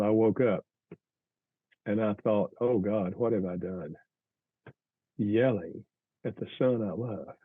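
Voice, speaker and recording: An older man, a guest author, earnestly telling a family story in an interview, with halting restarts. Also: fairly low pitch, no echo, phone-quality sound.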